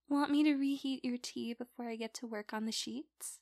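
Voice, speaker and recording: A woman in a whispered role-play as a girlfriend, giggly and teasing, speaking softly into a close mic. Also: on the high side, steady tone, a little slow, long pauses, dry recording. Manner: giggly, teasing, soft-spoken.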